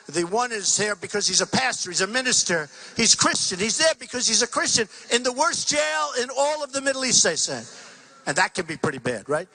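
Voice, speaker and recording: A man's voice: extremely high pitch, big pitch swings, brisk, sharp tone. A man giving a campaign rally speech at a podium mic, rambling and repeating himself, often acting out conversations. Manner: rambling and repetitive, acting out dialogues. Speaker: political candidate. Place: large rally venue.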